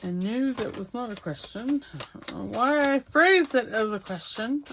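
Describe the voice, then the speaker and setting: A woman's voice: a little high, lively intonation, moderate pace, noisy background. A middle-aged woman chatting casually to herself as she works on a craft project, self-deprecating and rambling. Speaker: crafting channel host. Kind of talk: casual chat while crafting.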